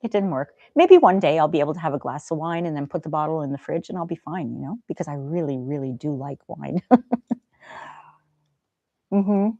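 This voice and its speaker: A woman hosting a livestream in a gentle, chatty way, reading viewer comments aloud. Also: low voice, a little fast, no echo, highs cut off. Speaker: livestream host. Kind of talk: casual chat.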